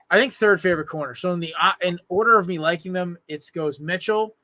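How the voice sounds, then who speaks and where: A young man hosting a casual sports podcast, upbeat and quick, laughing often. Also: a little high, sharp tone, dry recording. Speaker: podcast host running a mock draft.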